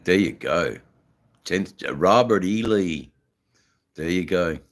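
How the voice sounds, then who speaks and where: Australian male streamer, deep and slow, halting laid-back chat full of slang. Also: expressive. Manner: smoking while talking. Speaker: livestream host. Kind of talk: casual live-stream chat.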